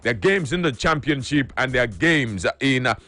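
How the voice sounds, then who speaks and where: A man presenting a sponsored radio segment, halting with many fillers. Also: medium pitch, lively intonation, sharp tone.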